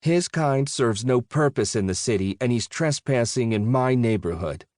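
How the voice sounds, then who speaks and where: A man's voice: animated, moderate pace, darkish tone, no echo, studio quality, lightly acted. A man voicing a cowardly, whiny rich city man with a nasal voice. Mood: petulant. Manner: high, petulant, pleading.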